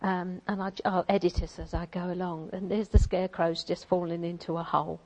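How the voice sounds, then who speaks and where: A woman speaks to a church group in a relaxed, conversational way. She drifts between teaching and reading a storybook passage aloud, with frequent ums and little asides along the way. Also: fairly low pitch, a little fast, few pauses, poor audio. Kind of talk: informal sermon with a read-aloud passage.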